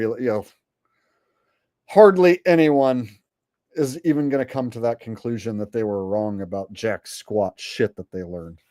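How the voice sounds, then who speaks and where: A man's voice: mid-range voice, measured pace, dark tone, dry recording, clean studio sound. A man hosting a casual livestream, rambling and swearing as he reads out donations. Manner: rambling and profane, with frequent fillers. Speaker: livestream host.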